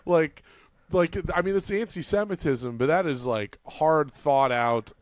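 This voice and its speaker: A man's voice: fairly high pitch, measured pace, dry recording. A man co-hosting a comedy podcast, rambling about films with easy laughter in casual banter. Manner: laughs easily, rambling and opinionated about movies. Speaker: podcast co-host.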